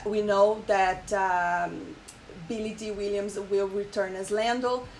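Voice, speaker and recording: A woman's voice: mid-range voice, fairly even intonation, takes it slowly, a little hiss or hum, poor audio. Emotional woman vlogger chatting. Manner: emotional, frequent fillers and repeated "okay?". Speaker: channel host. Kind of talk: casual commentary, reading an article aloud.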